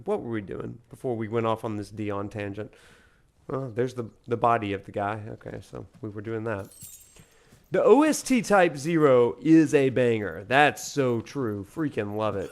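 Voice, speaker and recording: A man's voice: medium pitch, animated, normal speed. A man from Alabama, a professor streaming a video game, chatting casually and rambling with lots of fillers as he answers viewers. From Alabama, USA. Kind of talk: casual live-stream chat.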